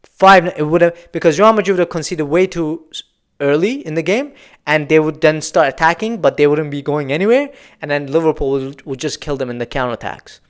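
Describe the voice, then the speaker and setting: A man's voice: on the high side, fairly quick, smooth. A young man hosting a football channel, venting his frustration in a solo post-match reaction with emphatic, repetitive phrasing.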